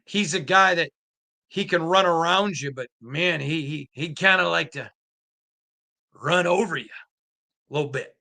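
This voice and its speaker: A man with a gravelly, sharp-toned, slightly high voice hosts a sports podcast, speaking a little slowly with long pauses. His casual commentary is still emphatic and animated, with plenty of restarts and asides.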